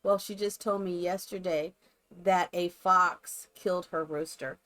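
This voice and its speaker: A woman's voice: on the low side, steady tone, a little slow, a bit bright. A woman live streamer chatting casually and rambling to her viewers while she builds in a game. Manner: chatty, rambling, talks to chat.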